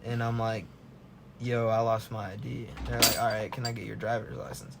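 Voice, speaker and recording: A man's voice: medium pitch, little pitch movement, moderate pace, gravelly, very noisy. A young man co-hosting a podcast, chatting casually and laid-back as he recalls a night in the dorms. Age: young adult. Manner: laid-back, prompting questions. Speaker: podcast co-host. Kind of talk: casual chat.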